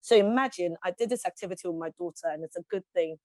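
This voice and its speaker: A woman's voice: lowish voice, quick pace, a little mellow, no room sound. A woman, a guest in an interview, speaking passionately with emphatic rhetorical questions. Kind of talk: passionate conversational speech.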